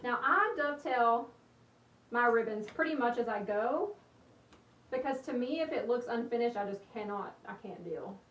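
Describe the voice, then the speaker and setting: A woman's voice: a little high, animated, moderate pace, a bit bright. A young woman, chatting in a bubbly, rambling way while she crafts on a livestream, talking to her viewers. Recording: roomy, slightly distant with faint hiss.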